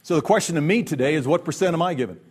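A man's voice: on the high side, rapid-fire, a little mellow, breathy edge. A middle-aged man giving an earnest, conversational Christian workshop talk, often checking in with "right?". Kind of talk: sermon-style workshop talk.

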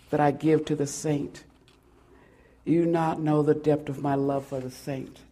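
A woman preaching a sermon and reading a poem aloud. She speaks dramatically, swelling loud and then dropping to hushed, near-whispered lines. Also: deep voice.

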